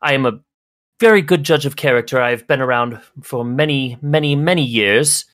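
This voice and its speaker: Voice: medium pitch, normal speed, a bit bright, no echo, clean studio sound, natural voice. A game master voicing a vain young woman alchemist who speaks grandly and accusingly. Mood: imperious. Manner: imperious, grand, formal.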